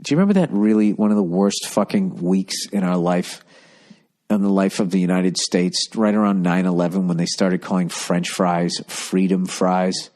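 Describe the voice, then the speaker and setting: A man's voice: sits low, normal speed, darkish tone. A middle-aged man hosting a podcast, rambling through a profane, ranting monologue full of stories. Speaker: podcast host.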